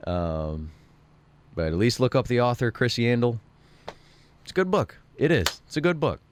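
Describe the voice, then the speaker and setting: A man's voice: medium pitch, very animated, normal speed. A man co-hosting a radio show, telling rambling anecdotes in casual chat and acting out other people's lines. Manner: rambling anecdotes with acted-out quotes, throat clearing. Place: radio studio.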